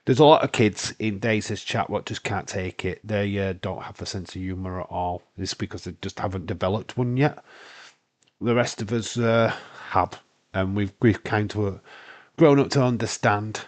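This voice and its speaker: Stuffed up with hay fever, this young Scottish man hosts a live-stream watch-along, rambling, swearing and laughing a lot in casual chatter. His lowish voice moves at a moderate pace.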